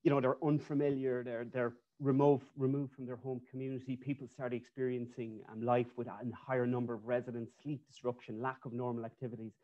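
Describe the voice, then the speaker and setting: A man presents his research in a loose, conversational way, often restarting his phrases. His voice sits at a middle pitch for a man. The video call audio sounds muffled and lo-fi. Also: flat delivery, a little fast, few pauses. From Ireland. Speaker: webinar presenter, architect.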